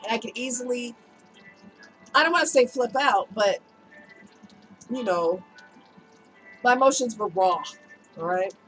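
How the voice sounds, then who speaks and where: Woman vlogger, slightly higher voice, a bit strained from a cold; chatty and open, talks straight to camera. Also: unhurried, long pauses, fairly bright tone, faint music behind, poor audio. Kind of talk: candid personal storytelling.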